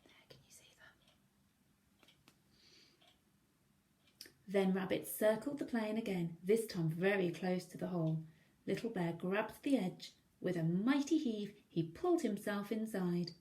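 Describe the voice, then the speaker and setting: A woman teacher reading a picture book aloud to young children, gently pointing out the pictures. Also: mid-range voice, normal speed. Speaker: primary school teacher.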